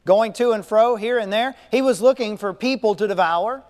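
A man's voice: high voice, moderate pace. A male pastor preaching a sermon, emphatic, repeating key phrases and asking rhetorical questions. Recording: long echoing reverb.

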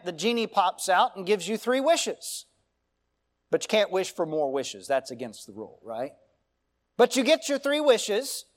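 A high-voiced pastor delivers a sermon with earnest, emphatic preaching, leaning on rhetorical questions.

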